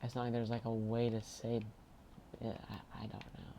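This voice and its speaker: A man casually commentating his own video game play, chatty and bursting into excited shouts. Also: medium pitch, moderate pace, background noise. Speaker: gaming channel host.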